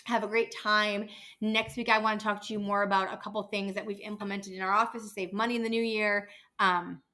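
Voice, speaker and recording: Fairly quick, pushed and bright, her mid-range voice stays level in tone. She's in her thirties, works at a dental office, and vents on a casual solo podcast, exasperated and swearing freely.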